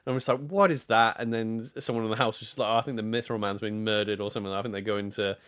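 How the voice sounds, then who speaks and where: A man's voice: lowish voice, steady tone, fast talker, fairly bright tone, clean tone. A man co-hosting a podcast, chatting casually and hesitantly with lots of fillers. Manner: hesitant, many fillers, laughs easily. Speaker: podcast co-host.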